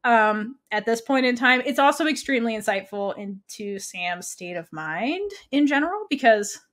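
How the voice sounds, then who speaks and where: Animated woman recapping a show. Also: fairly high pitch, normal speed. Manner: animated, acts out characters' lines in quotes, laughs often. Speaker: podcast co-host. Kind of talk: casual chat recapping a series.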